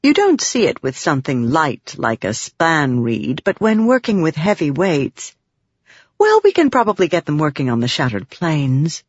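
A woman reading an audiobook voices a poised noblewoman who patiently explains things, low and lively, in a dry, slightly muffled recording. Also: no echo, heavily acted. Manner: gracious, measured, explaining patiently. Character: poised noblewoman patron of scholars.

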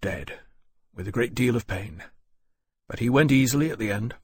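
A man reading an audiobook voices a stern captain who speaks in a quiet, cold, clipped way. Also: mid-range voice, expressive, normal speed, husky, no room sound. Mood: subdued. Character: stern male naval captain, controlled anger.

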